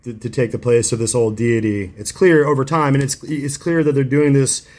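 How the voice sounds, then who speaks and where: A man with a middle-pitched voice hosts an interview conversation. He agrees readily and speaks haltingly, often restarting his sentences. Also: steady tone, a little mellow. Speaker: interview host.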